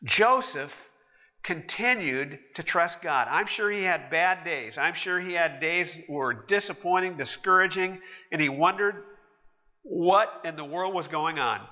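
A man's voice: on the high side, measured pace. A man preaching a sermon, telling stories with animation and acting out the voices of the people in them. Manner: animated storytelling, acting out quoted characters. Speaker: pastor. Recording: muffled, with long hall reverb.

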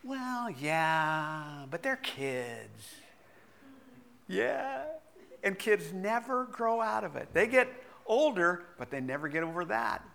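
A middle-aged man, a pastor, preaching a sermon and telling a personal story in a lively way, laughing often. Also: sits high, slow pace, creaky.

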